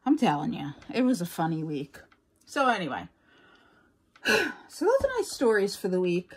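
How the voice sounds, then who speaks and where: A woman's voice: medium pitch, huge pitch swings, normal speed, slightly rough. A woman with a New York accent chatting casually to viewers as a crafting vlogger, rambling and laughing often.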